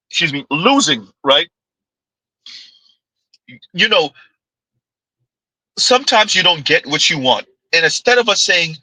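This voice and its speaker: A man delivering a ranting commentary vlog in a high, very bright voice with a husky grain. He is blunt and preachy, tossing in sarcastic laughs and rhetorical asides, and the sound is dry and close. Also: dry recording, rough recording. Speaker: commentary vlogger.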